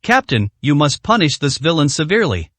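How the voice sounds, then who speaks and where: A man's voice: on the high side, very animated, fairly quick, fairly bright tone, no echo. A man voicing an arrogant young man who taunts and blusters in an audiobook story. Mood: sneering. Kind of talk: audiobook character reading.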